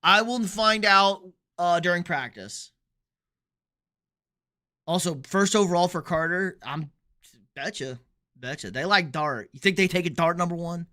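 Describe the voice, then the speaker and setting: His voice is high-pitched with a sharp tone. A young man from Texas with a Texan accent, he hosts a laid-back sports livestream, bluntly fielding viewer comments with jokes, opinions and quick asides.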